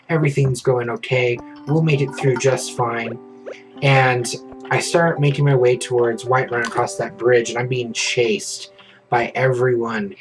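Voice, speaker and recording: Man, streamer, casual storytelling, animated, occasional swearing, average pitch, faint music behind. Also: low-quality recording.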